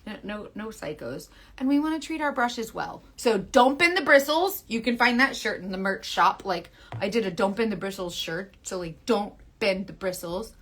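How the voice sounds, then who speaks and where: A woman in her thirties talking through a makeup tutorial in a chatty, playful, coaxing way, often dropping to a soft near-whisper. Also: medium pitch, normal speed, hardly any pauses. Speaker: makeup seller.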